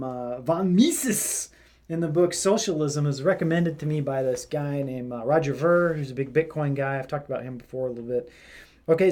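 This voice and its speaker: A man hosting a casual political commentary. His voice is fairly high, and he rambles along with plenty of fillers and restarts. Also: a little mellow. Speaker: commentary host.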